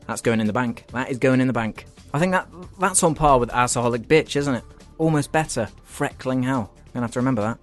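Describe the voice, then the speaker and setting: A man's voice: medium pitch, a little fast, soft background music. A British man reading out viewer comments and answering them in a sarcastic, swearing comedy rant. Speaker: YouTuber reacting to comments.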